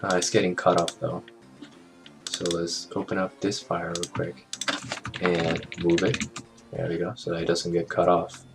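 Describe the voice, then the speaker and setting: A man walking through an animation software tutorial in a casual, think-aloud way, with fillers and small jokes. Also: low voice, completely flat delivery, unhurried, pauses often. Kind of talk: screen-recorded software tutorial narration. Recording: clear background music under the voice.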